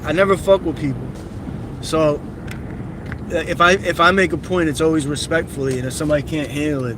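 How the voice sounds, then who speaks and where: A young man live streaming while driving city streets, talking bluntly and cursing often. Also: fairly high pitch. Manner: profane, blunt, opinionated rambling. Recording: noisy car interior with traffic. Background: car and street noise.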